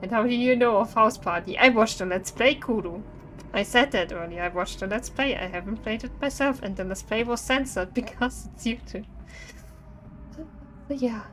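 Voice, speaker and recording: A young woman streaming horror games, chatting nervously and singing to herself to stay calm. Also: fairly high pitch, moderate pace, slight background noise. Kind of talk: live-stream gameplay commentary. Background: faint game music.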